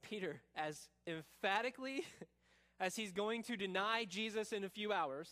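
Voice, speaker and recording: Guy preaching, higher voice, acts out the quotes then gets quiet and probing. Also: unhurried. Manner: animated storytelling, acting out quotes, drops to quiet intensity. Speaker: pastor. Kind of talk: sermon.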